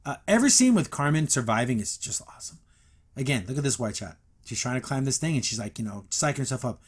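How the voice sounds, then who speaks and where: A man hosting a podcast, recapping a cartoon episode in casual, animated commentary and acting out the characters' lines. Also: mid-range voice, fast talker, husky. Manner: animated, recaps scenes and acts out quotes.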